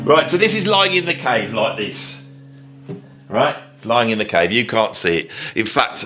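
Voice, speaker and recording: A man's voice: mid-range voice, animated, moderate pace, sharp tone. A man giving ranting, sarcastic commentary on music as a video host. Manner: sarcastic, exasperated.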